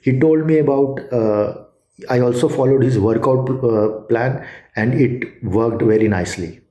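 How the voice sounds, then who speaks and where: A man's voice: medium pitch, dark tone. Hesitant Indian-accented man, echoey room. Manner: halting, many fillers and restarts. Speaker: student giving a testimonial. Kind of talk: casual testimonial.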